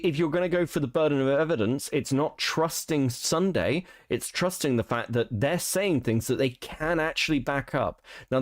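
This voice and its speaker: A man's voice: medium pitch, no room sound, clean studio sound. Sweary British man commenting on stream. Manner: blunt, sweary, rambling. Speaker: streamer host.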